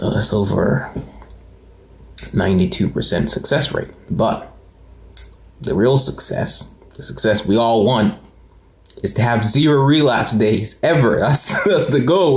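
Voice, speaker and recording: A man's voice: medium pitch, darkish tone, reverberant. A man in his twenties talking earnestly in a personal vlog, rambling with many fillers and restarts. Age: 20s. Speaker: motivational channel host.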